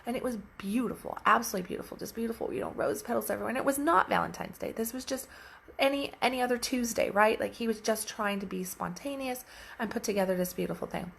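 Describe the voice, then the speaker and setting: A woman relationship coach telling a story in casual coaching talk, animated and emphatic, with lots of repetition. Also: on the high side, quick pace, vocal fry, slight background noise.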